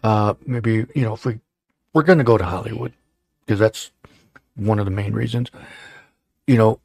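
A man's voice: lowish voice, normal speed, creaky, a little mellow, dry recording, clean studio sound. A man hosting a casual livestream show, rambling and joking with lots of fillers. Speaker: show host.

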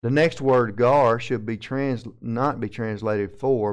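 A man with a Southern American accent gives a methodical Bible lesson from the pulpit, working through Greek grammar one term at a time. His voice is smooth and resonant, at an ordinary pitch for a man. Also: fairly even intonation, slow pace. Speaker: pastor. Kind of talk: verse-by-verse Bible teaching.

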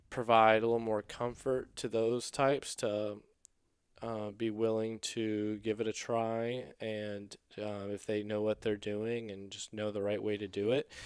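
A man with a low, smooth and resonant voice talks earnestly as a podcast guest. He speaks in a reflective, halting way, full of "um"s and restarts. The sound is dry and close, with no room around it. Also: no echo. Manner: halting, with many fillers and restarts. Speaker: guest, stand-up comedian. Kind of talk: casual podcast conversation.

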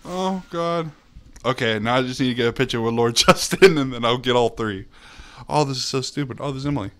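A man giving excitable gameplay commentary, laughing often and swearing. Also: medium pitch, fast. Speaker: gamer.

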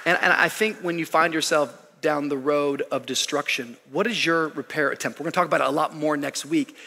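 A male pastor preaching a sermon, telling a story in an animated, humorous way. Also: fairly high pitch, brisk, gravelly, long reverb tail, a crowd in the background, noisy background. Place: church stage.

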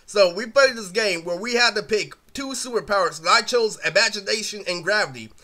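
A man's voice: high-pitched, brisk, bright, forceful tone. A young man telling a rambling, profane story in a casual vlog, full of fillers. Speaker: vlogger.

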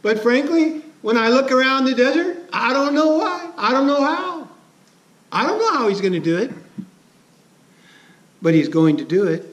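A man voicing Moses as a candid, halting older leader who is unsure but still trusting, in a sermon. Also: very high-pitched, very animated, voice pushed up. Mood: uncertain.

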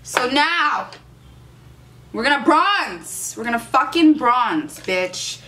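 A woman's voice: high-pitched, animated, slow, bright, forceful tone. A young woman doing a casual makeup tutorial, sassy and playfully profane, hyping herself up as she works. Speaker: beauty vlogger.

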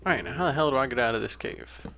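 Gravelly-voiced young man rambling over gameplay. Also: medium pitch, lively intonation, racing, fairly bright tone, a little hiss or hum. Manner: rambling, self-correcting, many fillers. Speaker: let's play gamer. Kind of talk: casual gameplay commentary.

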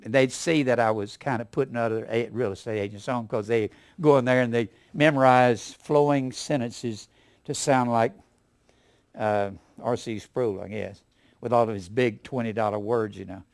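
A man preaching a sermon in a folksy, animated way, swinging from loud emphasis to quiet asides. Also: medium pitch, normal speed, dry recording, studio quality.

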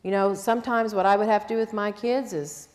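A woman's voice: medium pitch, fairly even intonation, a little fast, darkish tone. Older woman preaching in a reverberant hall. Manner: earnest, plain-spoken teaching with quoted asides. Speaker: conference speaker. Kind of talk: sermon. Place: church conference hall.

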